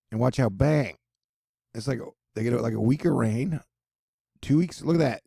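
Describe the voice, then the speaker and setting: A man rambles through joking weather commentary in a gravelly, husky voice. His tone is dark and mellow, recorded close and dry with no room sound. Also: medium pitch, no echo. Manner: joking, rambling, many asides. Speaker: weather and news video host.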